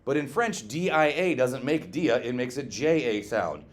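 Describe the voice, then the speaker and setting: A man's voice: medium pitch, moderate pace. Joking, quizzing male history teacher. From Scotland. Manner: lively, joking, asks the class questions and adds "okay?" often. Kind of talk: classroom lecture. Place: classroom.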